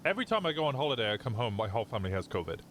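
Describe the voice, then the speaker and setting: A British man talks his way through an online roleplay with a lively, up-and-down voice at an ordinary pitch. He is chatty and laughs easily, trailing off and restarting as he goes. A faint hum of noise sits under his voice. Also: rapid-fire. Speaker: streamer playing an American character in an online roleplay game. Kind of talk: casual in-character roleplay chat.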